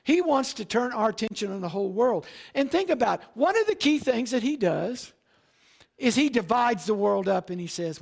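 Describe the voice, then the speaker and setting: A pastor preaching a sermon, asking rhetorical questions and repeating key lines. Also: male voice, very high voice, sing-song, moderate pace, vocal fry.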